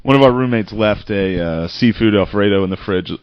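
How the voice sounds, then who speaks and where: A man's voice: on the low side, brisk, clean tone, no room sound. A man co-hosting a podcast, ribbing his partner with crude, provocative jokes and frequent swearing. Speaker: podcast co-host. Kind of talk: casual comedic banter. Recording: dry, dull lo-fi recording.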